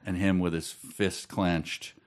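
Very deep-voiced deadpan podcast man. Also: takes it slowly. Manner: dry, deadpan joking. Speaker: podcast co-host. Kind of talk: casual podcast banter.

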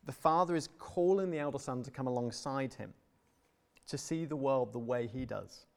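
A young adult man preaching a sermon in an earnest, emphatic way, sometimes dropping to a soft, tender tone. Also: medium pitch, moderate pace.

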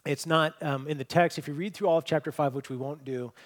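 A man preaching a sermon in a church, his voice sitting a little higher than most men's. He tells stories, and his delivery swings between loud, emphatic points and quiet, hushed lines. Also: fairly even intonation, fairly quick. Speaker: pastor. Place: church hall with congregation.

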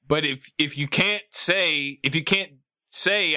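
A man's voice: mid-range voice, steady tone, unhurried, sharp tone, clear, resonant tone, dry recording, clean studio sound. A man hosting a prank phone call, pushy and rambling, coaxing the other side again and again. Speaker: host making a prank call.

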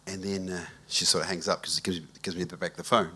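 A pastor with a low, slightly rough voice talks fast in a conversational sermon. He tells a relaxed story and asks the congregation for a show of hands.

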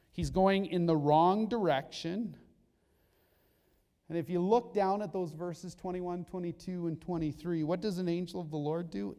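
A male pastor preaches with animated storytelling and playful asides. His voice sits fairly high for a man, and it echoes through a church hall with a long reverb tail. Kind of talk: sermon.

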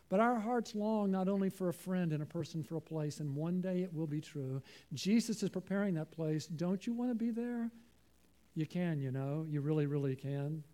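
A man's voice: sits high, mellow. A man preaching a sermon with emphatic delivery, repeating key phrases and calling on his listeners to answer back.

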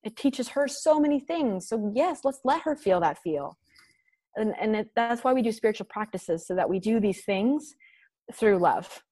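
Earnest woman giving gentle spiritual advice. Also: on the high side, animated, normal speed, dry recording. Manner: earnest, encouraging, spiritual wording. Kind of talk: reflective podcast conversation.

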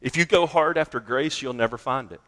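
A male pastor preaching a sermon emphatically, swinging between loud declarations and quiet, low lines. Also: a little fast, big-room sound.

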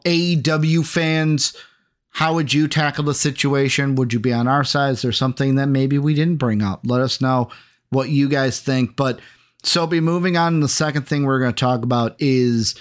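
A man with a fairly high voice co-hosts a casual podcast, rambling through his points and acting out remembered exchanges with animation. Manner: rambling, acts out quotes animatedly. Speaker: podcast co-host. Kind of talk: casual chat.

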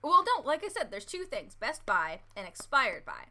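Bright, lively American woman podcaster. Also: high-pitched, moderate pace. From United States. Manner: chatty, giggly, filler-heavy. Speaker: podcast co-host. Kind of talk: casual chat.

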